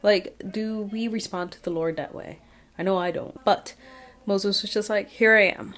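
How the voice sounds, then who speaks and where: A woman's voice: medium pitch, fairly even intonation, normal speed. A woman giving a casual, reflective Bible recap, chatty with many fillers and restarts. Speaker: Bible study vlogger. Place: outdoors, windy.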